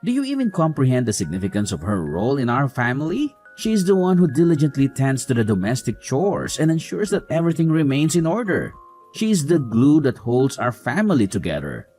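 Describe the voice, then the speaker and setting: A man's voice: mid-range voice, wildly swooping pitch, a little fast, darkish tone. Man playing a dismissive husband. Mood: indignant. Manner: dismissive, mocking. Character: dismissive mocking young husband. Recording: faint music behind.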